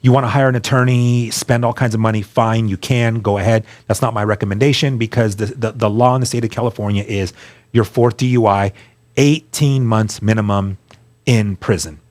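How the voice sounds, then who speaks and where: A man's voice: on the low side, steady tone, a little fast, a little mellow. A middle-aged man earnestly telling his life story as a guest, stumbling over repeated words and acting out what others said. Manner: earnest, repeats words when emotional, acts out quoted voices. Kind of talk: conversational storytelling on a radio show.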